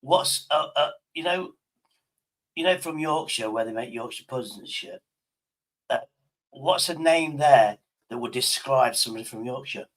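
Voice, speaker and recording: A man's voice: medium pitch, moderate pace, fairly bright tone, poor audio. A man, a streamer chatting casually, rambling and swearing. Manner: rambling, sweary, restarts his sentences. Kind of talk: casual chat with an AI.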